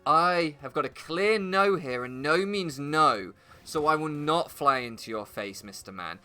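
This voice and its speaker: Comic bit: a man doing a fussy, panicky pigeon, bright and jumpy. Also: on the high side, lively intonation, measured pace, faint music behind, heavily acted. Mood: prim. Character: flustered male pigeon, prim then panicky.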